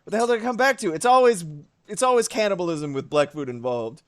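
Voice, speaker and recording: Drawing while he chats on a live stream, a man talks casually and animatedly, swearing freely and tossing in quick asides. His voice is high with a clean tone.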